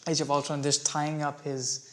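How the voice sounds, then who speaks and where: Agreeable man with a slightly high voice. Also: level tone, normal speed, fairly bright tone. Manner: agreeable, chimes in often with short yeahs, gets sidetracked. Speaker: podcast co-host. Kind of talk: casual film review chat.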